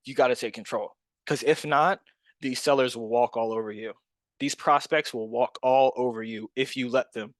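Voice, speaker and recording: A man in the middle of the usual pitch range coaches sales calls with a punchy, emphatic drive. He acts out parts of the phone calls as he goes. The sound is dry, with no room around it. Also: steady tone, moderate pace, no room sound. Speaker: real estate wholesaling coach. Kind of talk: energetic sales coaching monologue.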